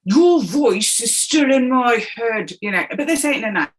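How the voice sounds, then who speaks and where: A woman's voice: on the high side, moderate pace, breathy edge, poor audio. A woman, a coach and comedian, talking as a guest in an interview and acting out the voices she quotes. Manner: animated storyteller who acts out quoted voices. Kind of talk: conversational interview.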